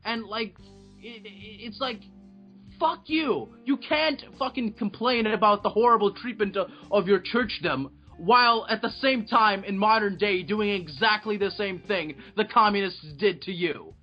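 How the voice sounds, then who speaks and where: Angry, swearing man with a high voice. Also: unhurried. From Russia. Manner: angry profane rant. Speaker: podcast co-host. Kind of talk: casual chat. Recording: dull lo-fi recording with faint music.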